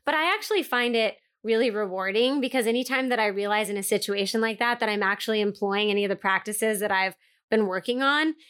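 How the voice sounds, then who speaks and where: A woman's voice: mid-range voice, quick pace, a bit bright, clear, resonant tone. A woman co-hosts a podcast in a plain middle voice. She speaks supportively and agreeably, and often adds small sounds of agreement. She talks over a video call. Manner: supportive, agreeable, many backchannels. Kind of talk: conversational chat.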